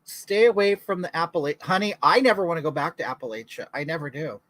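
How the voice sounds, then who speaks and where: A man's voice: fairly high pitch, quick pace, fairly bright tone, dry recording, poor audio. A man from California hosting a casual livestream, chatting to viewers and reading their comments aloud in a gossipy way. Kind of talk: casual chat.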